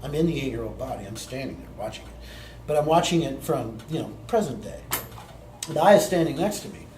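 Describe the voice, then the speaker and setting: A man's voice: mid-range voice, lively intonation, brisk, darkish tone, a little hiss or hum. A man in his forties, a plant medicine teacher, telling a personal story to a live group in a conversational way, often checking in with "right?". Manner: conversational, peppered with tag questions. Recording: roomy echo with faint ambience.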